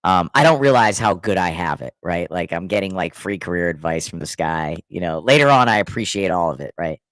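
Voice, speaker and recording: A middle-aged man spins an animated story in casual chat, his pitch leaping all over. His voice has a gravelly edge, and the dry, close sound leaves no room echo. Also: brisk. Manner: animated storyteller, laughs often, swears freely. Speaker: podcast co-host.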